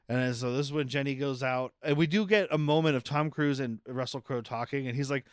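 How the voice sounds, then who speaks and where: A man's voice: medium pitch, fairly quick, few pauses, clear, resonant tone, no echo, studio quality. A man co-hosting a podcast, casually recapping a movie in a rambling, jokey way with lots of filler words. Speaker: podcast co-host.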